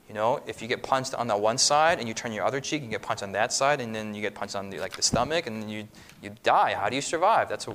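A man giving a lively religious teaching talk at a church seminar, acting out quoted voices and swinging his voice up and down for emphasis. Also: medium pitch.

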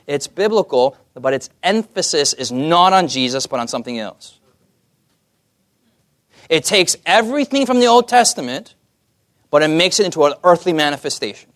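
A man's voice: on the high side, fairly bright tone. Man preaching, calling for amens. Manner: asks the audience questions, calls for amens. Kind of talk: sermon.

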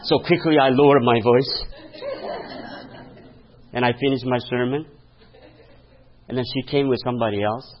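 A man's voice: medium pitch, steady tone, normal speed, long pauses, lo-fi sound. A male pastor preaching a sermon, telling a story and laughing at his own stories, calling out to the congregation for a response. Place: church.

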